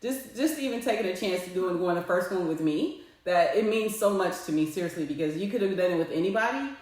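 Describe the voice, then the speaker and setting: A woman's voice: on the low side, lively intonation, fast, a little mellow, heavy reverb. A woman hosting a casual video call chat, effusive and emotional, laughing often. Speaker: host.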